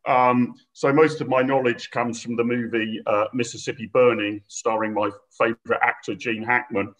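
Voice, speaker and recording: A man's voice: medium pitch, flat delivery, moderate pace, a bit bright, rough recording. A man from Britain hosting and chairing an interview, upbeat and chatty with frequent fillers. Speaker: host, chair of the discussion.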